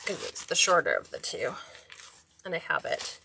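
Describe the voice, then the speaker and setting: A woman's voice: low voice, big pitch swings, moderate pace, vocal fry, bright, forceful tone, slight background noise. A woman hosting a hands-on craft tutorial, chatting casually and talking to herself as she works. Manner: chatty, talks to herself while working.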